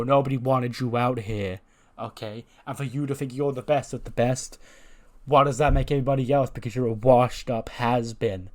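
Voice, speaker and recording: A man's voice: medium pitch, natural voice. Man doing a bratty young heel, whiny and sneering. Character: bratty young male wrestler mocking his father.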